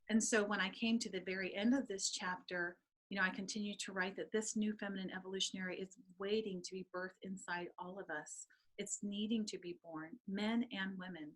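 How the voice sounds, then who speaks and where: A middle-aged woman, a guest author, reads her own poetry aloud in an interview in a slow, earnest, incantatory way. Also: mid-range voice, fairly even intonation, fairly bright tone, rough recording.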